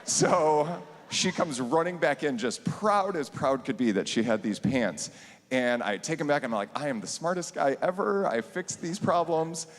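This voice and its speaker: A man's voice: medium pitch, in a large hall, slight background noise. A man who teaches band, telling a funny story about his teaching on a church panel, laughing as he goes.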